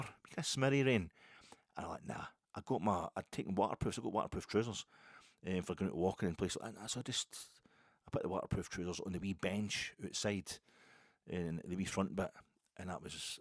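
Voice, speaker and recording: A man's voice: deep voice, quick pace, husky, dry recording, clean studio sound. A Scottish man hosting a podcast, telling a long story in a rambling, chatty monologue. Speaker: podcast host.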